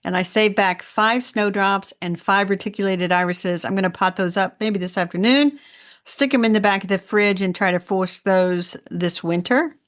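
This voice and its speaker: A woman from Indiana co-hosting a casual gardening podcast, telling stories in a chatty, animated way. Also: mid-range voice, normal speed. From Indiana, USA. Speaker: podcast co-host.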